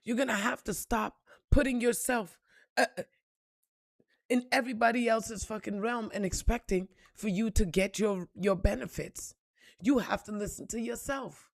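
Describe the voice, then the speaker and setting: A woman giving an unscripted motivational talk and telling a story straight to her viewers, blunt and profane, swinging between quiet asides and loud emphasis. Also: fairly high pitch, normal speed, gravelly, no room sound, studio quality. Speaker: spiritual reader and motivational speaker.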